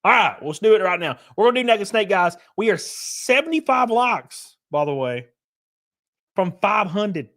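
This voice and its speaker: A man's voice: sits high, very animated, normal speed, fairly bright tone. A man streaming live, chatting casually and crudely, joking around and thanking chat members by name.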